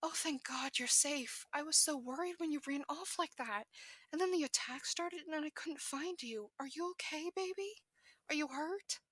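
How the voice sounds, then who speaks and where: A woman's voice: high-pitched, a little slow, bright, forceful tone, breathy edge, no echo, heavily acted. A woman voicing a worried mother, anxious and tearful with relief. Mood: relieved. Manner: anxious, fussing.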